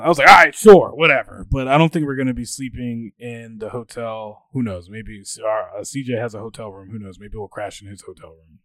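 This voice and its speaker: A man's voice: mid-range voice, no room sound. A young man co-hosting a podcast, chatting casually and acting out what his friends said as he tells stories. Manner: animated storyteller, acts out quoted friends. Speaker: podcast co-host. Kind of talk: casual chat.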